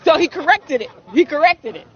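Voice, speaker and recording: A woman's voice: high voice, lively intonation, fairly quick. A woman telling an anecdote to an audience in a conversational, storytelling way, heard from a played clip. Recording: dull played-back clip.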